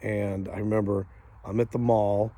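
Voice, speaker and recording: A middle-aged man hosts and tells a funny story in a casual way. He chuckles as he goes and acts out the other people with big jumps in pitch. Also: little pitch movement, normal speed, dark tone. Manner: chuckles through the telling. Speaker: host.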